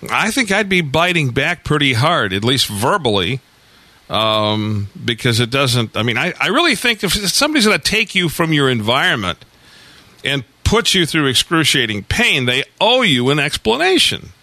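Bright-voiced radio host. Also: male voice, a little high, moderate pace, dry recording. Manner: animated, incredulous questioning. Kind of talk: radio interview.

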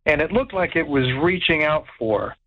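A man telling a ghost story in an animated way, stammering, repeating words and acting out what others said. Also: a little high, fairly quick, dull audio. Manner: stammers and repeats words, acts out quoted voices. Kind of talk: animated spoken anecdote.

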